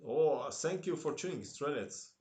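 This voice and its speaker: A man's voice: on the high side, expressive, slow pace, a little mellow. A man with a Russian-tinged accent and broken English, commentating chess on a live stream, chatting with viewers and laughing often. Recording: roomy echo.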